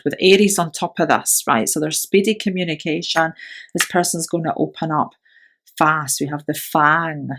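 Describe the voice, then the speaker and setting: A woman giving a pick-a-card tarot reading, speaking in a soothing, affirming way and often tagging her phrases with "right?". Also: on the low side. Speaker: tarot reader.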